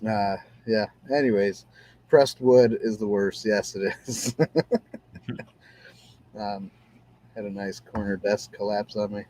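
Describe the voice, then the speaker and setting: A man's voice: fairly low pitch, steady tone, takes it slowly, pauses often, warm tone. A man hosting a casual show-review podcast, talking in an easygoing, rambling way with many fillers. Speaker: podcast host.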